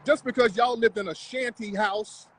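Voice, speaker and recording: A man's voice: high voice, fairly even intonation, normal speed, fairly bright tone, husky, low-quality recording. A man hosting a livestream, talking in a confrontational, mocking, profane rant. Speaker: livestream host. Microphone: live stream mic.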